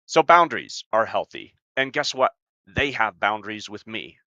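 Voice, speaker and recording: Blunt, forceful man swearing freely. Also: fairly low pitch, expressive, moderate pace, no echo, lo-fi sound. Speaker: podcast co-host and life coach. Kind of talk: casual podcast talk.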